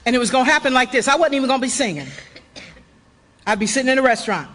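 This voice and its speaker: Woman storyteller from Ohio, very high bright voice, lively and comic, faint hum in the hall. Casting: recovery speaker. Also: racing. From Ohio, USA. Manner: animated storyteller, acts out voices, loud bursts and laughter. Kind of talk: humorous personal story told to an audience. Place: hotel conference hall, live audience.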